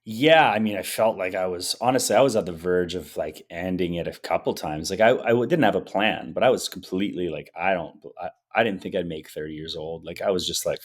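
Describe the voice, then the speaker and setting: A man's voice: sits low, a little fast, hardly any pauses. A man who is a guest on a podcast interview, telling personal stories in an earnest, emotional way and acting out the quotes. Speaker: guest, hypnotherapist. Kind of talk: conversational interview storytelling.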